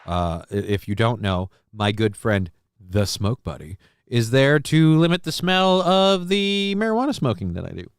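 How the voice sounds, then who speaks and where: A man's voice: medium pitch, big pitch swings, normal speed, clean tone, no room sound. A man hosting a live stream, a father, talking in a rambling, crude, joking way while congested from a sinus infection. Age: adult, father of a six-year-old. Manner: rambling, crude and joking, often sneezing and sniffing. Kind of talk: casual live-stream chat. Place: home basement room. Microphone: desk mic close to the face.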